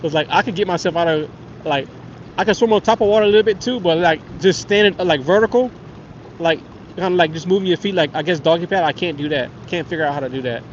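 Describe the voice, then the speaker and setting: A man in his 30s hosts a fishing livestream from a kayak out on the water, rambling through stories, laughing often and reading chat. He talks fast in a slightly high voice, and the dull lo-fi outdoor audio carries a little hiss or hum.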